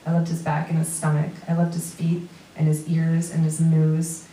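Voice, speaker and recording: Woman, New York accent, low voice, reads her own prose on stage with wry asides; roomy live recording from a distance. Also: completely flat delivery, moderate pace, warm tone, a little hiss or hum. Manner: reads steadily, with dry asides to the audience. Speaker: comedian reading a memoir piece. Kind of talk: live reading of personal prose. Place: small theater stage before an audience.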